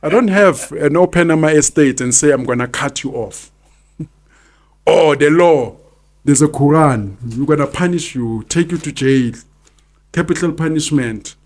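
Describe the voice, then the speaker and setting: Host, South African man in his fifties, emphatic and blunt, voice on the high side. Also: measured pace, a little mellow. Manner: emphatic, repeats his points for effect. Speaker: podcast host. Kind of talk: opinionated podcast commentary.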